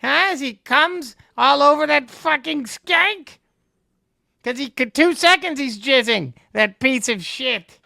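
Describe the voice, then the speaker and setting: A man voicing a crude, boastful male skeletal villain sorcerer in a vulgar trash-talking rant, with a shrill gravelly cackle. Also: expressive, slow, sharp tone, no echo, clean studio sound, exaggerated voice. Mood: gloating, vulgar.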